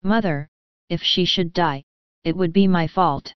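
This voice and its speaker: A woman's voice: fairly low pitch, measured pace, clean tone, no echo, highs cut off, close to an everyday voice. A woman voicing a remorseful, hot-tempered teenage girl who pleads through tears in a storybook reading. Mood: despairing. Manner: pleading, tearful.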